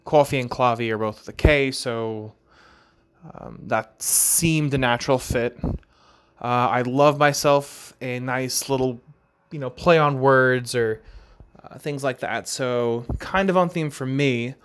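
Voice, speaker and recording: A man's voice: mid-range voice, takes it slowly, smooth. Chatty Long Island man hosting a podcast. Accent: Long Island New York. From Long Island, New York. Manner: relaxed and chatty, with many "uh", "you know" and "right?". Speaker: podcast host. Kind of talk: casual solo podcast talk.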